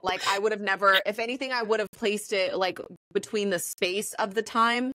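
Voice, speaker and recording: A woman's voice: medium pitch, fairly even intonation, normal speed, bright, forceful tone, dry recording. A young woman, a co-host, going through her notes in a casual, methodical chat. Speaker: co-host, former contestant.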